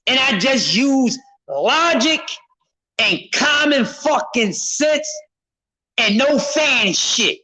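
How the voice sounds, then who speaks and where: A man on a live stream, ranting about boxing in a loud, profane, repetitive way, often shouting and addressing his chat. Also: very high-pitched, animated, slow, rough recording. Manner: speaks to a chat member by name. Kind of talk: heated live-stream rant.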